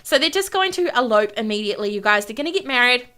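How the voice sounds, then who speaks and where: Young female gamer, bubbly and gushing, bright slightly high voice, casual commentary. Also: fast talker. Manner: gushing, excitable, chatty to viewers. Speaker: gaming YouTuber. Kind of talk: casual let's-play commentary.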